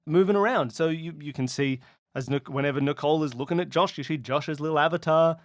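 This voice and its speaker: A man narrating a mystery game as game master, describing scenes in a lively, playful way. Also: fairly high pitch, fast, no echo.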